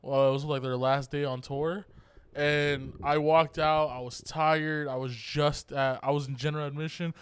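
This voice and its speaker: Smooth-voiced man, casual and profane. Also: on the high side, level tone, moderate pace. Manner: laid-back, swears a lot, laughs often. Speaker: podcast co-host. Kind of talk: casual chat.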